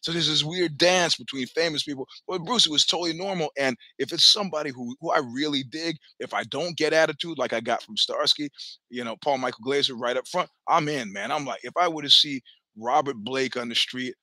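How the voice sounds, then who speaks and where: A middle-aged man telling profane, animated stories in casual chat, acting out the voices he quotes. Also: fairly high pitch, fairly quick, no echo. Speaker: podcast host telling stories. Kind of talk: casual storytelling.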